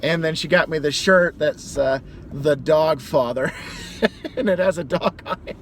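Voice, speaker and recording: A man's voice: on the high side, unhurried. A young man ranting casually as a vlogger, telling a rambling story with mock outbursts. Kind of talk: casual rant. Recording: background traffic noise. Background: street and car noise.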